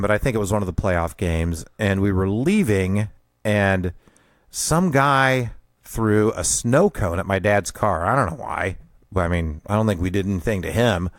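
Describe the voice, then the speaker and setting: A man's voice: lowish voice, no echo, clean studio sound. A man in his fifties hosting a podcast, telling a rambling personal story in a self-deprecating, chuckling way. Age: 50s. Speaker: podcast host.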